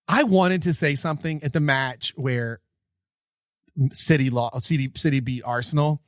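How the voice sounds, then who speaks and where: A man's voice: a little high, moderate pace, no echo, clean studio sound. A man co-hosting a podcast, telling stories in a rambling way with many fillers, laughing as he goes. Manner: laughs while retelling stories. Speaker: podcast co-host. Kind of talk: casual chat.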